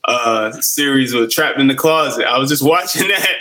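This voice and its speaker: A man's voice: mid-range voice, lively intonation, moderate pace, sharp tone, low-quality recording. A man in a casual chat, loose and slangy, laughing as he tells stories.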